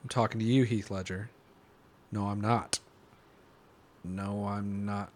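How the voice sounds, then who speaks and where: A man chatting casually while watching a film, animated and laughing as he explains scenes. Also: lowish voice, takes it slowly. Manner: animated, laughing, quoting lines. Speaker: movie watch-along commentator. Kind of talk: casual chat over a film.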